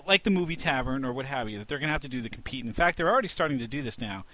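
A man hosting a casual podcast chat, animated and profane, who keeps asking the others what they think. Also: medium pitch, racing, dry recording.

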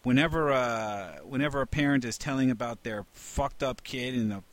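A man co-hosting a casual chat, an animated storyteller who swears freely and laughs often. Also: mid-range voice, normal speed. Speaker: podcast co-host.

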